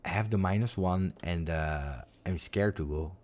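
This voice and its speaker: A man's voice: low-pitched, a little slow, darkish tone. A man with an Italian accent who hosts a football channel, chatting casually and rambling expressively on a live stream with lots of fillers.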